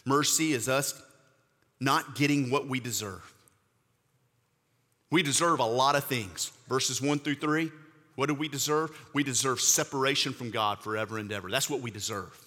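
Male pastor, 40s, bright forceful preacher, slightly high voice, big echoing hall. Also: animated, moderate pace. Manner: emphatic preaching, repetitive rhetorical build-ups. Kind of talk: sermon.

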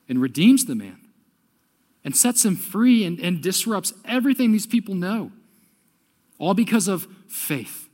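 A preacher delivering an urgent, exhorting sermon, repeating his appeals and swinging between soft and loud passages. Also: high-pitched, breathy edge. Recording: long hall reverb.

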